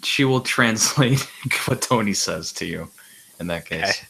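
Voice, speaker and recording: A man playing a tabletop game, narrating his character's actions in a halting, chatty way. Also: fairly low pitch, lively intonation, creaky, sharp tone, slightly rough, poor audio. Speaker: player.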